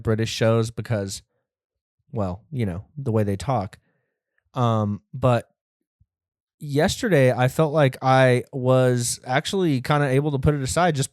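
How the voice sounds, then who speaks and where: A man's voice: medium pitch, a little mellow, no room sound, studio quality. A young man hosting a casual comedy podcast, rambling and a bit nervous, with lots of fillers. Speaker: podcast host.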